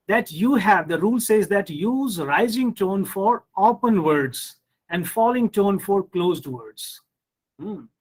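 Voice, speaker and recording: A man with an Indian English accent and a high voice lectures slowly and patiently. He is middle-aged and explains pronunciation rules, then reads example sentences aloud with exaggerated rises and falls. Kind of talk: online lecture.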